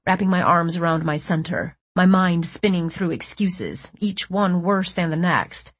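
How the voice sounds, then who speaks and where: A woman with a lowish, breathy voice narrates a story in the first person, tense and measured. The recording is close and completely dry, with no room sound. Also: dry recording. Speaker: audiobook narrator.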